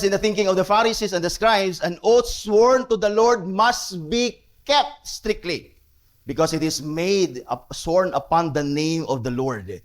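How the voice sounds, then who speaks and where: A pastor with a Cebuano Filipino accent preaches a sermon in a medium-pitched voice. He switches between English and Cebuano and repeats key phrases for emphasis.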